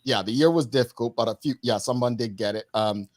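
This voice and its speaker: A man's voice: mid-range voice, brisk, a little mellow, no echo. A man from Bermuda hosting a daily talk show in a casual, chatty way, often calling out to the audience as folks.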